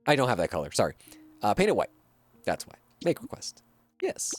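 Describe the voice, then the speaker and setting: A man's voice: fairly low pitch, huge pitch swings, moderate pace, pauses often. A man streaming a video game, chatting casually and reacting to viewer messages. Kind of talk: casual gameplay livestream chat.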